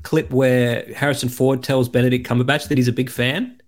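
A man co-hosting a casual film podcast, rambling through anecdotes and quick asides. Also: mid-range voice, level tone. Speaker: podcast co-host. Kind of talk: casual movie chat.

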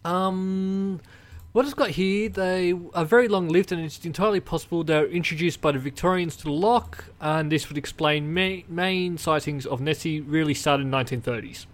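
A man's voice: fairly high pitch, moderate pace. A man co-hosting a casual podcast, reading out news items with hesitant ums. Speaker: podcast co-host presenting news stories. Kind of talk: casual chat.

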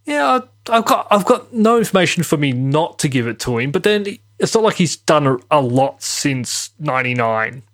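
Brief: man, podcast co-host, fairly high voice with a lot of swing, teasing and opinionated. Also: very animated, normal speed, hardly any pauses, fairly bright tone. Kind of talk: casual chat.

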